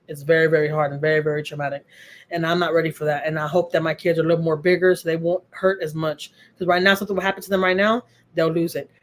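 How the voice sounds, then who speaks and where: A middle-aged woman, hosting a casual livestream from home, chatting with viewers in a heartfelt way and repeating phrases for emphasis. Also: fairly low pitch. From Texas. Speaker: livestream host. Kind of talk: casual livestream chat answering viewer comments.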